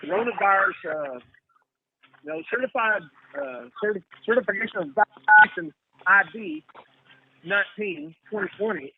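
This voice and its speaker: A man in casual conversation, talking in a rambling, profane way and repeating himself. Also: high-pitched. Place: lives in Texas. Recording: tinny phone-like line, faint hiss.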